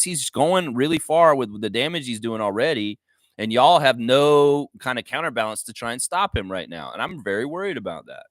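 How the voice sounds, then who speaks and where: A man's voice: medium pitch, a bit bright, dry recording. Male fan-stream host, casual and opinionated, dry close sound. Reads chat aloud. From United States and Canada. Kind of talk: live fan reaction stream.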